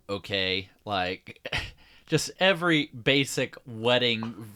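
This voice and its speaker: A man's voice: fairly low pitch, big pitch swings, normal speed, pushed and bright. A man co-hosting a podcast in casual chat, riffing on movie scenes with swearing and imagined behind-the-scenes dialogue. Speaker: podcast co-host.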